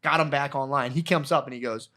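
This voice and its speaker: A man's voice: mid-range voice, fairly even intonation, fast, sharp tone. A man hosting a podcast, telling a rambling, profane story and laughing as he goes. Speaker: podcast host. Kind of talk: casual storytelling chat.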